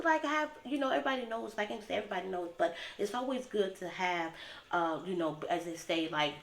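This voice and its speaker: A woman giving a casual, rambling recap of a TV episode, her talk packed with filler words. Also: deep voice. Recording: roomy echo with faint ambience.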